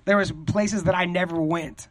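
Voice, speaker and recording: A man's voice: high-pitched, moderate pace. A male stand-up comic chatting animatedly, swearing heavily and acting out quotes. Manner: animated, profane, acts out quoted voices. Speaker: stand-up comedian, podcast guest. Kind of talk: casual chat.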